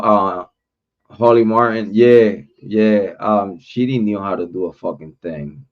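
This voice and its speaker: A man with a fairly low voice takes his time as he rants on his livestream, bluntly calling people out and cursing a lot. The livestream audio is dull and lo-fi.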